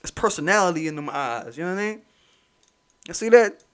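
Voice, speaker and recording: A fairly high-voiced man hosts his own commentary vlog. He rants hard, swearing and mocking as he goes. He hammers his points home by saying them again and again. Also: lively intonation, brisk, a bit bright, clean tone. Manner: profane, heated, mocking, repeats himself for emphasis. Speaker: commentary channel host.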